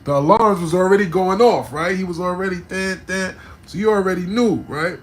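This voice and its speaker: A man telling a personal story in a casual, slang-filled way, checking in with "right?" and "you know what I'm saying" as he goes. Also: fairly quick. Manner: swings between low muttering asides and loud emphatic bursts.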